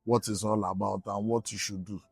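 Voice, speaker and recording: A Nigerian man with a fairly low voice answers loosely, leaning on "you know" throughout. The sound is dry and close. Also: level tone, brisk, creaky, breathy edge, no echo, soft background music. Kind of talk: interview answer.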